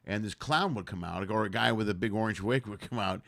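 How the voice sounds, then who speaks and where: A man's voice: lowish voice, brisk, gravelly. A man hosting a casual comedy stream, telling stories and acting out bits. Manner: animated storyteller, acts out bits. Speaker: comedy show host. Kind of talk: casual live-stream chat.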